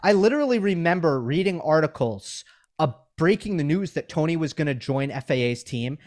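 A man co-hosting a podcast in casual sports-analysis chat, talking in a relaxed, conversational way with many fillers. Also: on the high side, brisk. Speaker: podcast co-host.

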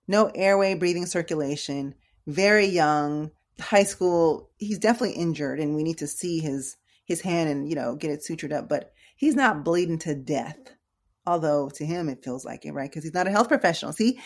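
Middle-aged nurse lady telling a story, chatty and animated, lowish voice. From United States. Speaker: nurse educator. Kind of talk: casual storytelling talk.

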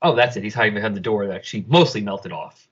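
Husky guy narrating a comic for his podcast, lively, kinda muffled audio. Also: on the low side, quick pace. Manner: animated, joking, describes panels. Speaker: podcast co-host reading a comic. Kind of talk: casual read-along chat. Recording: dull lo-fi recording.

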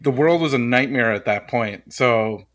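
A man in a casual chat, speaking in a calm, reflective way. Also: medium pitch, measured pace.

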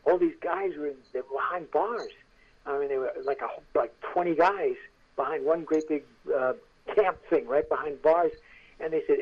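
An older man recounts his acting days with lively energy, jumping into the voices of the people in his stories. His voice sits a little high. The line sounds muffled and lo-fi. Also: moderate pace. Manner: animated anecdotes, acts out quoted voices. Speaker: guest, actor. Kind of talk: casual storytelling interview.

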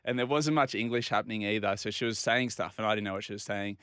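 An Australian man telling a long, animated anecdote on a casual talk show and acting out the other people's lines. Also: lowish voice, fast, smooth, no echo, clean studio sound. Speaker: regular guest. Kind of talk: casual storytelling.

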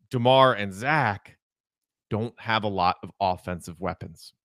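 Animated, opinionated male podcast host. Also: mid-range voice, no room sound. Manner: animated, opinionated, frequent restarts. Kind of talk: solo sports podcast commentary.

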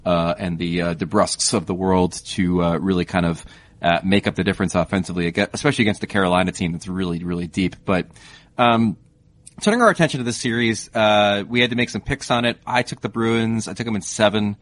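Low-voiced man hosting hockey talk. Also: a little hiss or hum. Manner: thoughtful, measured, frequent fillers. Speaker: hockey podcast host. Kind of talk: casual sports chat.

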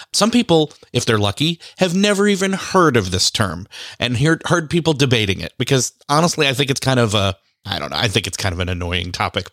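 Male podcast host, bright tone, conversational and hesitant, dry close mic. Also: mid-range voice, dry recording. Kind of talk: podcast interview.

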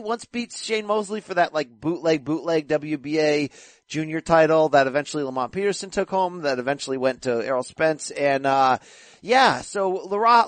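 A man with a high-ish voice hosts casual podcast chat with enthusiastic, joking energy. His sound is dry and close, with no room in it. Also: a bit bright, dry recording. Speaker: boxing podcast host.

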